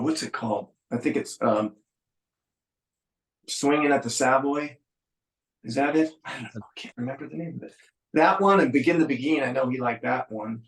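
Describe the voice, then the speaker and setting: A man's voice: medium pitch, roomy sound, low-quality recording. A middle-aged man from San Francisco, a musician guest, chatting casually with a dry sense of humor and plenty of ums. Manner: relaxed storyteller, dry humor, frequent ums. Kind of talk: casual interview chat.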